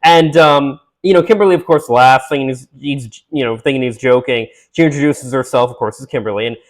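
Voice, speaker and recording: A man casually recapping a film, rambling with fillers and restarts, and briefly acting out the characters' lines. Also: medium pitch. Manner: acts out characters' lines in quick voices. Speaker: movie recap host.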